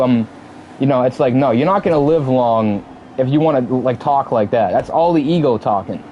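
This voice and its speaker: A man's voice: on the high side, dark tone, highs cut off, slight background noise. A young man in his twenties venting casually to his stream chat, heated and profane, repeating himself as he talks. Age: 20s. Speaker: livestream gamer.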